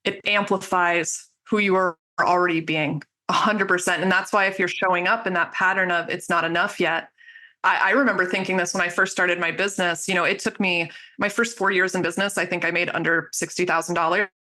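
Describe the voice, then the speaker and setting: Bright-voiced, passionate woman guest. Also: lowish voice, fairly even intonation, brisk. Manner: passionate, enthusiastic storytelling. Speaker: podcast guest, business coach. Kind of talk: casual interview talk.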